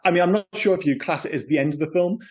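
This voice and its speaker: A man's voice: a little high, very fast. A man co-hosting a film podcast, talking enthusiastically in casual chat, swearing freely and acting out lines. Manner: enthusiastic, swearing, animated storytelling. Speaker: podcast co-host.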